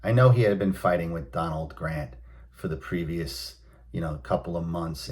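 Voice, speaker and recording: A man's voice: sits low, moderate pace, a little mellow. A man, hosting a sports talk show and ranting bluntly, with emphatic outbursts. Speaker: host. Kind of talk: opinionated sports talk monologue.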